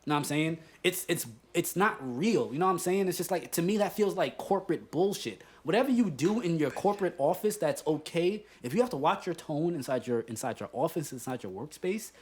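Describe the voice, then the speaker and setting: Animated man, profane and emphatic. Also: fairly high pitch, fairly quick, hardly any pauses. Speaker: podcast co-host. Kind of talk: casual chat.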